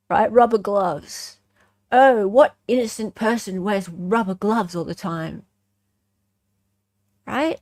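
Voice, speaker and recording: An Australian woman hosts a casual true-crime commentary in a fairly high voice, animated and sarcastic, repeatedly tossing "right?" at her listeners. The audio is dry, with no room echo.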